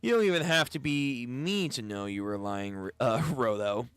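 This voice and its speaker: A man reading a manga aloud and reacting bluntly with profane, animated comments. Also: mid-range voice, moderate pace, clean tone, dry recording.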